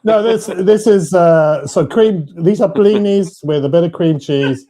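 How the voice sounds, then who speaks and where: A British man, appearing as a guest on a watch talk show over a video call, chats casually about wine tasting notes with many fillers and restarts. His voice is high-pitched and unhurried, with crowd noise in the background.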